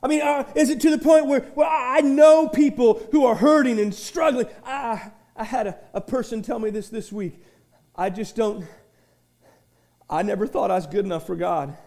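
A pastor preaching a sermon in a church, swinging between quiet asides and shouted, drawn-out peaks. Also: male voice, extremely high pitch, gravelly.

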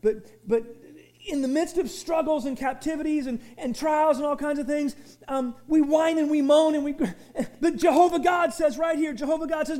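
A pastor preaching a sermon, emphatic, swinging from loud shouted points to low asides and often repeating words. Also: male voice, moderate pace.

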